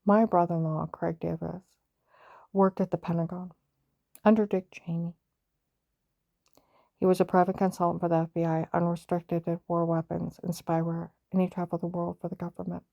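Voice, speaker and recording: A woman's voice: on the low side, level tone, normal speed, gravelly, no room sound, lo-fi sound. A woman on a personal vlog, ranting in an agitated, emphatic way, repeating herself and rambling from point to point. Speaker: vlogger.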